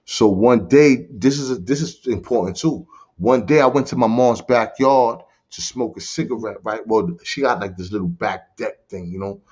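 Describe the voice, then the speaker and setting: Speaking at a moderate pace, this Bronx, New York native has a lowish, darkish, slightly rough voice. As a podcast guest he recounts his life story in casual conversation, a personal testimony full of streetwise slang and frequent "you heard?" questions, in dull lo-fi sound.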